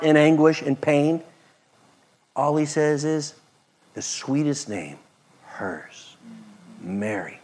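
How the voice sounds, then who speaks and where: A man preaching a sermon, expressive, moving between loud emphasis and soft, hushed passages. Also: mid-range voice. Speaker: pastor.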